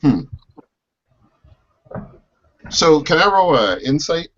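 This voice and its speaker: A man's voice: on the high side, sing-song, takes it slowly, a bit bright. A man playing in a tabletop game, chatting casually and hesitantly as he works out what his character does. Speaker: player. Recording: dull lo-fi recording with faint hiss.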